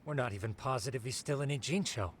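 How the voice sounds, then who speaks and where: An actor playing a calm detective ally in a video game, reporting matter-of-factly. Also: male voice, medium pitch, fast, slight background noise, close to an everyday voice. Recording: game audio heard faintly.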